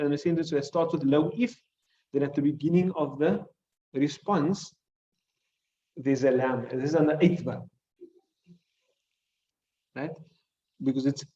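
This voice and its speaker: This man's voice is fairly high and warm, captured on dull audio. He teaches hadith and Arabic grammar to a class in a South African accent, patiently repeating the main points and often asking "right?" to check that students follow.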